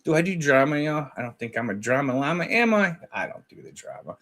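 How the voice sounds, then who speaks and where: A man's voice: on the high side, very animated, a little fast, fairly bright tone. Chatty laughing man retelling online drama. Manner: chatty, laughing, retells chats in quoted voices. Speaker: commentary channel host. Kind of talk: casual drama commentary.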